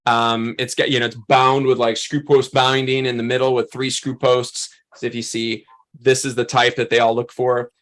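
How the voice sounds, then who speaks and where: A man in his thirties teaching a photography workshop, telling a story in a loose, animated way with lots of fillers. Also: mid-range voice, normal speed. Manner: animated, acts out quoted voices, many fillers. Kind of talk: casual storytelling to a workshop group.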